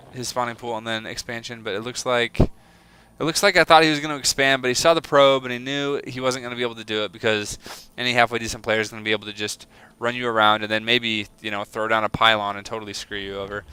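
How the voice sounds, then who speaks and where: A man's voice: mid-range voice, bright, forceful tone, smooth, rough recording. A man giving casual, rambling play-by-play game commentary, joking and self-deprecating as he goes. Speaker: game caster.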